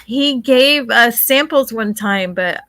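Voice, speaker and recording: A woman's voice: fairly high pitch, slow, bright, forceful tone, no room sound. A woman co-hosting a live stream in casual chat, teasing and laughing often.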